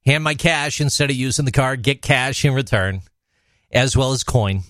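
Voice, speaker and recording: A man co-hosting a casual podcast, telling an everyday story in an easygoing, relaxed way. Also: mid-range voice, moderate pace, dry recording, clean studio sound. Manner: easygoing, relaxed storytelling, reads news aloud. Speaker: podcast co-host.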